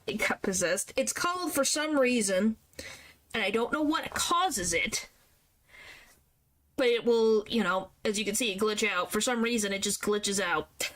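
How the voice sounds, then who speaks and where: A woman's voice: mid-range voice, expressive, measured pace, fairly bright tone. A young woman streaming a game, chatting casually to her viewers and reacting with rambling exclamations. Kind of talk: casual gameplay commentary.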